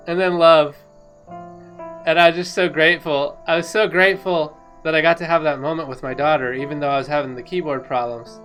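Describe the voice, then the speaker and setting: A woman talking casually over her own gameplay footage, excitable and rambling, laughing often. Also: low voice, normal speed, soft background music. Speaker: gaming video creator.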